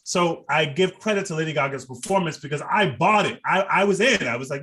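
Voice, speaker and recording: A man's voice: a little high, brisk, pushed and bright. A man co-hosting a podcast, reviewing a movie in casual, profane and enthusiastic chat. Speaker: podcast co-host.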